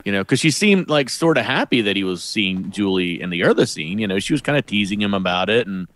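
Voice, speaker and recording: A man's voice: on the low side, very animated, fast, a bit bright. A man casually discussing a movie, hesitant and searching for words.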